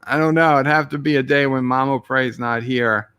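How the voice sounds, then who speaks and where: A man's voice: mid-range voice, steady tone, normal speed, sharp tone, clean tone, no echo. A man streaming live, reading his chat messages aloud with dry joking asides.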